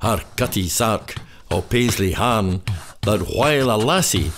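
A man recites narrative verse with theatrical flair, taking his time over every line. His pitch swings widely as he leans into the drama. A steady hiss of background noise sits under the recording. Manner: slow, theatrical storytelling delivery. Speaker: poetry reciter.

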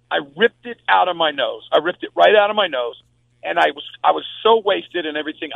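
Gravelly older man on a tinny phone line. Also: a little high, dry recording. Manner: emphatic, repeats his words for stress. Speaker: sports talk radio host. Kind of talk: guest telling a personal story. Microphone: phone call.

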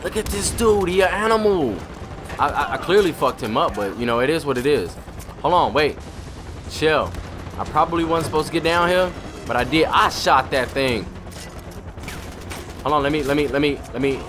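A young man doing profane, excitable let's-play commentary. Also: mid-range voice, normal speed, over music. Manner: profane, excitable trash talk. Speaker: gamer commentator.

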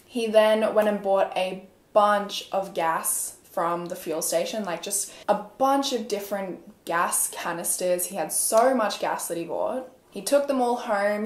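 A woman's voice: mid-range voice, measured pace, hardly any pauses. A young woman telling a true crime story in a casual, chatty way, full of fillers. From Australia. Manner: chatty, filler-heavy, conversational. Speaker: true crime podcast host. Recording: echoey room.

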